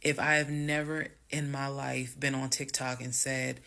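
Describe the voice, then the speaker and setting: Gravelly woman telling a dramatic story. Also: extremely low pitch, level tone, measured pace. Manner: emphatic, addresses viewers directly; swings between hushed whispers and loud bursts. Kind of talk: storytime monologue.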